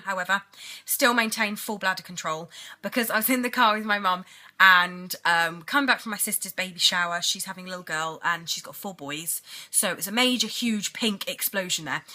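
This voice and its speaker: A woman's voice: fairly high pitch, pushed and bright. A young British woman chatting in a giggly, rambling video diary. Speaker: vlogger.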